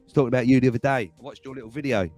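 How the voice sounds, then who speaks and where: A man's voice: mid-range voice, fairly even intonation, very fast, darkish tone, no room sound. A middle-aged man hosting a casual livestream from home, rambling, chuckling often and greeting chat viewers by name. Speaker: livestream host. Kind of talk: casual live-stream chat. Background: faint background music.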